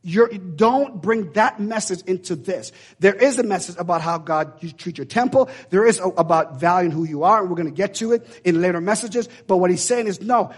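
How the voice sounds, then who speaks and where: A man's voice: high voice, slightly rough. A man preaching a sermon in an emphatic, repetitive, preacherly way.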